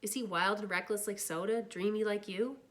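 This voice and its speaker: A woman voicing a poised, insistent teenage girl in a book reading, lifting her voice higher for the part. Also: steady tone, moderate pace, fairly bright tone, lightly acted. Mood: curious. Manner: higher, urgent voice.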